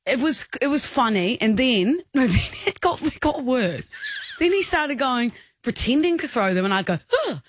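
Co-hosting a drive-time radio show, an Australian woman tells a funny story with lots of animation, laughing as she acts out kids' voices. She speaks at a moderate pace in a high voice.

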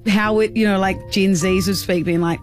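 A woman's voice: mid-range voice, steady tone, normal speed, faint music behind. An Australian woman co-hosting a radio show, playful and giggly in casual banter. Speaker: radio co-host. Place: radio studio.

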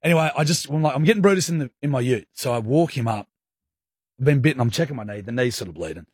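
A man's voice: mid-range voice, lively intonation, fast, a little mellow, husky, no room sound, studio quality. An Australian man, a radio host, telling a casual story and acting out his own angry lines.

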